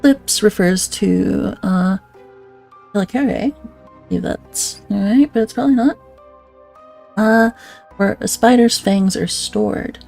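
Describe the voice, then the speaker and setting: A woman's voice: mid-range voice, slow, vocal fry, pauses often, darkish tone, faint music behind. A woman streamer reading documents aloud in a casual way, breaking off for laughing, swearing asides.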